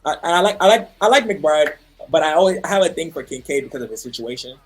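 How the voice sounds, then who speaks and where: A man's voice: on the high side, animated, fast talker, soft background music. A man co-hosting a casual fantasy football podcast, talking hesitantly with many restarts and steering the discussion. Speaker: podcast co-host.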